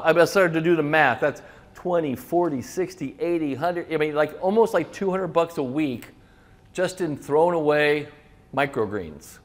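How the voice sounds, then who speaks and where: A middle-aged man, a restaurant consultant, telling kitchen stories in a loose, swearing way and acting out the voices of cooks and chefs. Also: fairly high pitch. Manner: storytelling, acts out kitchen voices, swears casually. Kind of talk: casual talk to an audience.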